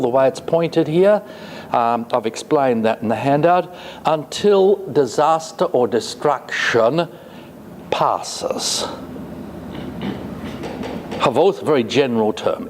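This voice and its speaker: A man giving a classroom lecture, speaking deliberately with frequent fillers and reading phrases slowly before explaining them. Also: a little high, a little mellow. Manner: deliberate, halting with many fillers; reads Hebrew slowly, then glosses it. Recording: echoey hall with faint noise.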